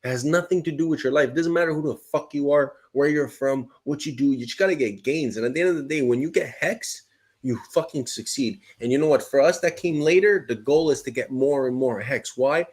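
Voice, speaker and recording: A man's voice: medium pitch, fairly quick, darkish tone, slightly rough. A man from Montreal co-hosting a crypto podcast, arguing emphatically and swearing often. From Montreal, Canada. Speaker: crypto show co-host. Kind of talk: heated podcast argument.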